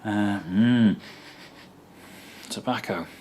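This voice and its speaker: A man chats casually to the camera, his voice sitting a little low. He rambles and hesitates with plenty of ums, speaking in a relaxed, unscripted way. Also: very slow, a little hiss or hum. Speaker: guitar demo presenter.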